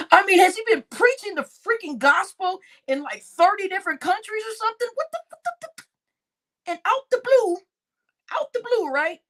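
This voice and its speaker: A woman's voice: very high voice, expressive, moderate pace, a bit bright. A woman YouTube commentator giving casual gossip commentary, laughing often, swearing freely and repeating her phrases.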